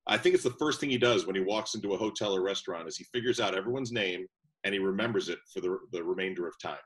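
Man, lowish voice, interview guest, animated anecdotes. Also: quick pace. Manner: lively anecdotal storytelling. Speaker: basketball broadcaster guest. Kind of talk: interview storytelling.

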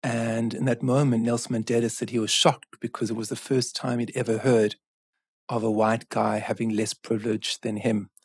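A man speaks in an earnest, measured way, with a husky grain to his voice. He tells a story as a guest in conversation. The recording is dry and close. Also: mid-range voice, level tone, no echo. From South Africa. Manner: earnest, measured, with frequent restarts and asides. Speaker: author and guest.

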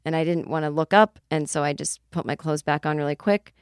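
Woman host in her forties, lower voice, dry close mic, casual animated storytelling. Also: a little fast, clean tone, no room sound. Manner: animated storyteller with shrieked outbursts. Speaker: podcast host.

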